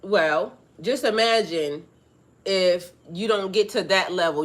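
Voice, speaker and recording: A woman giving a casual spiritual monologue to her viewers, profane and animated, laughing often. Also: lowish voice, slow pace. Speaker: spiritual reader.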